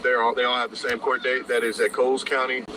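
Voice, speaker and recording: A man's voice: medium pitch, level tone, quick pace. A man working as a police officer, firmly and methodically giving instructions at a roadside traffic stop, recorded on a body-worn camera. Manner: firm, procedural, repetitive. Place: roadside outdoors. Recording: bodycam audio with street noise. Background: traffic and outdoor ambience.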